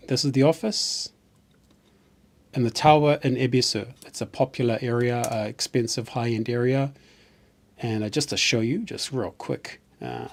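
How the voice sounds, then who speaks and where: A New Zealand man with a medium-pitched voice and a New Zealand accent chats casually on a live stream. He rambles and often restarts his sentences.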